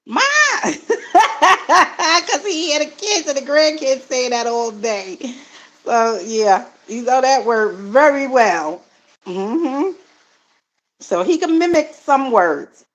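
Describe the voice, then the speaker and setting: A middle-aged woman with a somewhat high voice is talking loosely on a live stream. She reads viewers' comments aloud, answers them, calls the viewers family and fills her pauses with "um" and "mm-hmm". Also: rough recording. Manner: addresses viewers as family, frequent fillers. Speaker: live-stream host and card reader. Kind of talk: casual live-stream chat.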